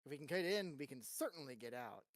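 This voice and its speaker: Animated woman player, dry close sound. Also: extremely low pitch, quick pace, no room sound. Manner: animated, giggly. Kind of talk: casual tabletop game chat.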